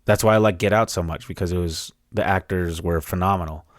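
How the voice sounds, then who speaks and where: A young man talks alone into the mic for his podcast, in a voice on the low side. He rambles, swears freely and jokes around in a loose, casual way. The sound is dry and close, with no room echo. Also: fairly even intonation, fairly quick. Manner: rambling, profane and jokey. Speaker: podcast host. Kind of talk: solo podcast monologue.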